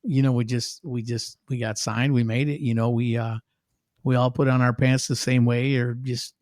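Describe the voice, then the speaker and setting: A man on a podcast mic, recorded very dry with no room sound. He tells lively anecdotes in relaxed conversation and laughs through them. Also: medium pitch, moderate pace, no room sound. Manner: animated storyteller who laughs often. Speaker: musician guest. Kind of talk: casual podcast chat.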